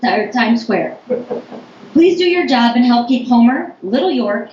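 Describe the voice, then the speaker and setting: A woman's voice: fairly high pitch, a little mellow. A woman making an earnest, emphatic public comment to a town board. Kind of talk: reading a prepared public comment. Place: town board meeting room. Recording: echoey meeting room, dull lo-fi audio, faint noise.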